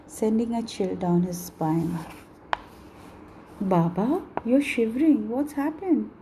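A woman with a husky voice reads a novel aloud in a steady, measured way. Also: medium pitch, a little hiss or hum, low-quality recording. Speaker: narrator. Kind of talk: storybook reading.

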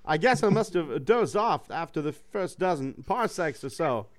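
A man's voice: on the high side, sing-song, moderate pace. A man reading the lines of a cheerful young male robot hero in a breezy, friendly, slightly boastful way. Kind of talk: reading a character's lines aloud.

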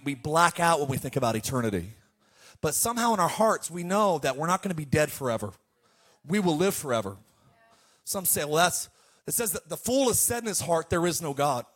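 A man preaching a fired-up sermon to his church, swinging from hushed passages to shouted ones. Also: on the high side. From United States. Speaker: pastor.

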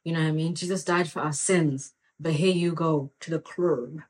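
A female podcast host delivers a spirited motivational monologue, preaching emphatically, repeating phrases to drive points home and bursting into excited outbursts. Her voice is deep, her speed normal, and she rarely pauses.

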